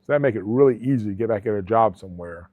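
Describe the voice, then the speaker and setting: Talking rapidly in a low, somewhat mellow voice, a middle-aged former cop from Alabama who now owns a travel agency rambles through stories as a guest in a laid-back interview. He's earnest and keeps starting over mid-thought. There's no room sound, and the recording is dry and tinny, like a phone.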